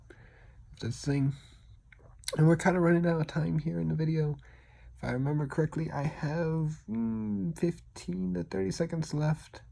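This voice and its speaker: Soft-spoken gravelly man, rambling. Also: on the high side, normal speed, long pauses. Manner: rambling, self-deprecating; talks quietly, partly whispered. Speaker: digital artist. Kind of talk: casual voice-over over a speed drawing.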